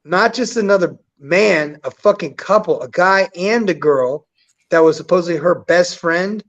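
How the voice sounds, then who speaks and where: A man with a high voice tells a story in blunt, profane, casual chat. He acts out quotes with a lot of energy. The recording sounds dull and lo-fi. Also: moderate pace.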